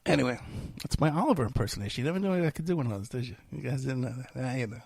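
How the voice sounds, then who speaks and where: Rambling, gravelly-voiced male podcast host. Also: medium pitch, lively intonation, racing, darkish tone, no echo. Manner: rambling, self-deprecating, many fillers. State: tired, feeling unwell. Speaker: podcast host and private investigator. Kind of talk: rambling solo podcast talk.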